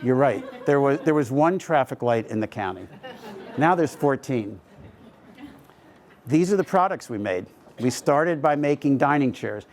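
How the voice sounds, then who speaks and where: A man's voice: medium pitch, expressive, unhurried, darkish tone. Man telling stories at an event. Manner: conversational storytelling with frequent fillers. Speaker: company co-founder giving a talk. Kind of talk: speaking at a live event.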